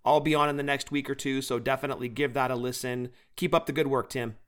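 A man's voice: medium pitch, fairly even intonation, fast, fairly bright tone. A man co-hosting a podcast, chatting casually and doing enthusiastic, joking plugs for other shows. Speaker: podcast co-host.

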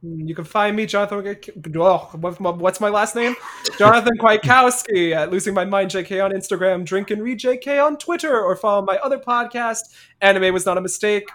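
A man's voice: high voice, brisk, a bit bright. A man co-hosting a podcast in casual chat, playful and laughing often. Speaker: podcast co-host.

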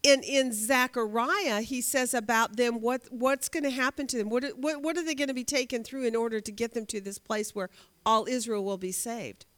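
A woman's voice: a little high, steady tone, normal speed, few pauses, a bit bright. Woman teaching a Bible class. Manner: asks the class questions and answers them herself; emphatic, repeats words as she thinks aloud.

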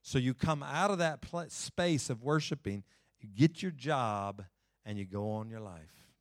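A male pastor preaching a sermon in a conversational way, swinging between emphatic lines and hushed, quiet ones. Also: mid-range voice, lively intonation, a little slow, no room sound, studio quality.

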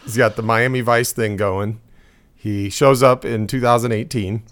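A man's voice: fairly low pitch, steady tone, normal speed. Rambling, laughing male podcast host. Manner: laughs often, rambling and opinionated. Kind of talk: casual chat.

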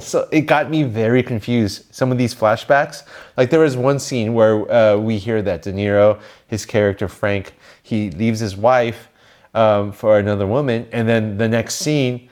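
A man's voice: mid-range voice, a little mellow. A man co-hosting a podcast, giving opinionated, joking film reviews in casual chat. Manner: opinionated, joking, with some restarts. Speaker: podcast co-host.

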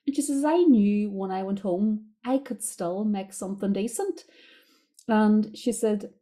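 A woman's voice: medium pitch, measured pace, dark tone. A middle-aged Irish woman, a diet coach hosting a podcast, chatting casually as she retells conversations with her clients. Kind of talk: casual storytelling monologue.

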